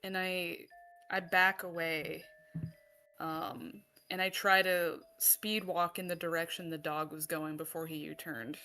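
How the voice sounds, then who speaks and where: A woman's voice: lowish voice, little pitch movement, measured pace, pushed and bright, faint music behind. A woman playing her character in a tabletop game, stammering, swearing and flustered. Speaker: player.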